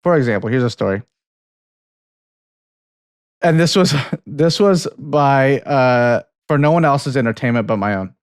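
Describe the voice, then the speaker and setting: A man's voice: mid-range voice, expressive, unhurried, pauses often, clear, resonant tone, no echo, clean studio sound. A young man co-hosting a casual film podcast, rambling through a story, laughing often, swearing freely and restarting his sentences. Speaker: podcast co-host. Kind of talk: casual chat, film review and anecdote.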